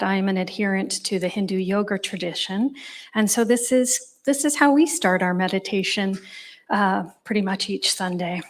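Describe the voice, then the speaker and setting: A woman leading a church congregation in guided meditation, giving gentle, unhurried instructions with long pauses. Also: medium pitch. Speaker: meditation leader. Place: church service.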